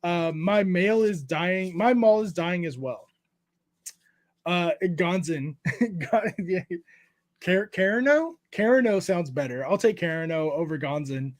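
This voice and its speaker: A man hosting a casual livestream, reading chat aloud and telling profane, animated stories. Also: sits high, measured pace. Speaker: streamer host.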